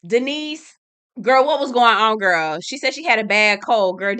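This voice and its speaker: Woman, sassy recap host, bright forceful voice, teasing, talks straight to viewers. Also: a little high, moderate pace. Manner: sassy, calls viewers "y'all" and "girl"; laughs and teases, animated. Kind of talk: chatty commentary video.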